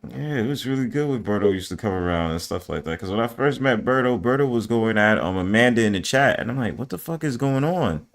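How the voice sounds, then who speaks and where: A man's voice: medium pitch, expressive, fast talker, hardly any pauses. A man chatting casually on a livestream panel, laid-back and profane, laughing easily. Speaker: panel guest.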